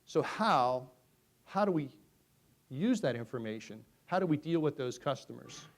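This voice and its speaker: A middle-aged man gives a conference presentation in an ordinary mid-pitched voice. He talks to the room like a conversation, pushing some words out loud and dropping others to a near murmur. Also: unhurried. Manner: animated storyteller, swings from loud to hushed. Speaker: conference speaker. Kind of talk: presentation to an audience.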